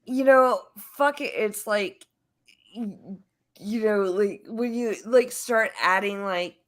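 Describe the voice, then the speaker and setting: A woman's voice: medium pitch, slow. A woman in a casual group chat who rambles, with lots of filler words and some casual swearing. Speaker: guest.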